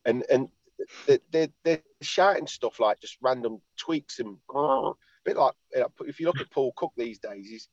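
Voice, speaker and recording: A man's voice: medium pitch, lively intonation, normal speed, no echo. A man, a former footballer chatting as a podcast guest, rambling, laughing and swearing as he talks from his parked car over a call. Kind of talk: casual chat over a call. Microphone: video call. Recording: dull lo-fi call audio.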